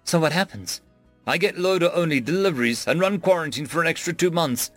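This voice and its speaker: A guarded alien woman with blunt, questioning speech, put on by a man reading a storybook. The voice sits higher and bright, and it sounds close and dry over soft music. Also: animated, brisk, no echo. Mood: wary. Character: alien woman station dweller, wary and blunt.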